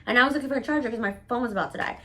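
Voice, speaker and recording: A woman's voice: fairly high pitch, racing, fairly bright tone. A woman vlogger telling a personal story in a casual, candid monologue. She swears freely and fills her talk with "like.". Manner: candid and profane, with many "like" fillers.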